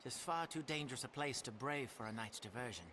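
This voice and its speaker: A man's voice: mid-range voice, fairly quick, close to an everyday voice. An actor playing a cautious male townsman in a fantasy game, speaking in a wary, formal old-fashioned way, with a crowd murmuring behind him.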